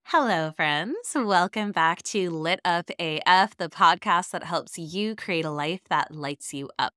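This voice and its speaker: A woman's voice: fairly low pitch, lively intonation, a little slow, pushed and bright, no echo, clean studio sound. A woman in her thirties hosting her podcast, sounding a bit nasal from a cold, talking with eager, earnest enthusiasm. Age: 30s. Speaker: podcast host. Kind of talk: casual podcast talk.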